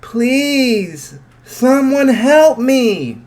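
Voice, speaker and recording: A man voicing a frightened little boy lost in a forest, pleading in a slow storybook telling. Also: mid-range voice, fairly even intonation, fairly bright tone. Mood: terrified. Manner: pleading, rising into panicked cries.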